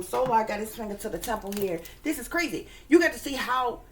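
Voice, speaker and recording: A woman hosting a reaction video, indignant and repeating her points for emphasis. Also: on the high side. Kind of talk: reaction commentary.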